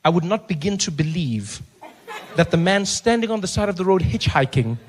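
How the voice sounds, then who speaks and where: A man in his forties with a South African accent, telling a stand-up story with animated delivery. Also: high-pitched, moderate pace, a little hiss or hum. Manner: animated storytelling, lots of voices. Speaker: stand-up comedian. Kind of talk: stand-up comedy.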